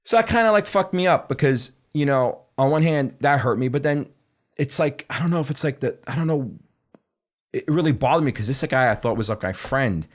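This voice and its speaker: A man's voice: mid-range voice, brisk. Swearing middle-aged New man. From Brooklyn, New York. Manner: animated, profane storytelling that acts out other people's words. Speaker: podcast guest. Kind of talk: casual chat.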